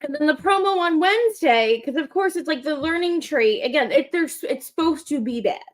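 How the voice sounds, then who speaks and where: A woman co-hosting a wrestling call-in show, ranting in an animated, frustrated way. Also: high voice, normal speed. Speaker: co-host. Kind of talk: casual chat.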